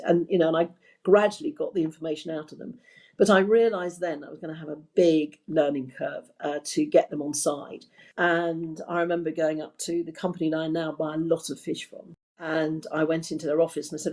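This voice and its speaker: A woman's voice: sits low, level tone, a little fast, vocal fry, a little mellow. An older woman with a Kentish accent, a podcast guest chatting through her career in rambling, story-filled answers with frequent restarts. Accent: Kentish English. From England. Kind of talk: conversational interview storytelling.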